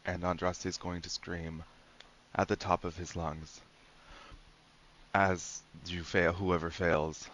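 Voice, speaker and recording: A man narrating a tabletop game as game master, giving calm, measured rulings. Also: deep voice, lo-fi sound, slight background noise.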